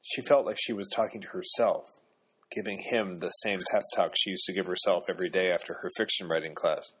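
A man narrating a novel in a measured, even storytelling manner. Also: deep voice, slight background noise. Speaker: audiobook narrator. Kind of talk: scripted narration.

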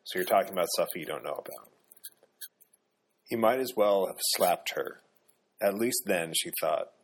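A man narrating a novel in a measured, even storytelling manner. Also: low voice, breathy edge. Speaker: audiobook narrator. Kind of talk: scripted narration.

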